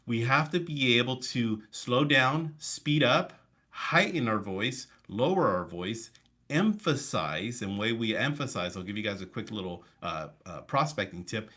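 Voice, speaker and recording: A man running a live online coaching session over a video call, talking with high energy and breaking it up with deliberate pauses and changes of pace. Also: a bit bright. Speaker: real estate coach.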